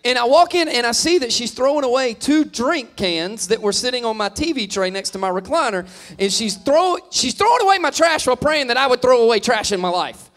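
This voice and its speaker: A man's voice: extremely high pitch, very animated, brisk, fairly bright tone. A man in his thirties, a pastor, preaching a humorous sermon and teasing the congregation as he tells stories. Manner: joking, teasing storyteller addressing the crowd.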